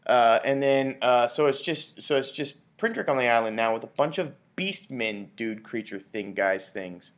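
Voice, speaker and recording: A man who has had a good deal of wine retells a novel in a loose, rambling way, swearing freely and tripping over his own restarts. His voice sits at an ordinary middle pitch. The recording sounds dull and lo-fi. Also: animated, moderate pace, few pauses. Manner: rambling, profane, many restarts and fillers. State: drunk on wine. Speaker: book reviewer. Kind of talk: rambling comic book review.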